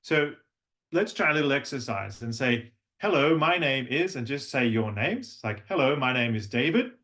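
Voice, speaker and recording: A man's voice: medium pitch, animated, moderate pace. A middle-aged man with a slight Australian accent, teaching a voice workshop as a coach and breaking into sung and spoken demonstrations. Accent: neutral, slight Australian. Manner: demonstrative, warm teacher who sings examples. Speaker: voice and language coach.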